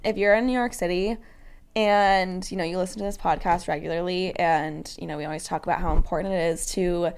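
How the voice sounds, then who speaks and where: A young woman co-hosts a casual podcast and reads the sponsor plugs with teasing enthusiasm. Her voice is low for a woman and full of vocal fry. She laughs easily as she talks. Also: steady tone, a little fast, darkish tone. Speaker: podcast co-host. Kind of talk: casual podcast chat and ad read.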